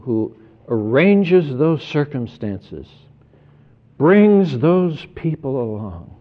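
A man preaching a sermon in an earnest, deliberate way, often repeating words as he stresses each point. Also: mid-range voice. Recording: tinny phone-like sermon recording.

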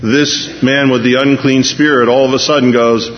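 Medium-pitched and moderately paced, this preacher turns his sermon into a story, performing each quoted voice and varying his tempo with animation. The recording is very noisy, dull and lo-fi, with a long hall reverb.

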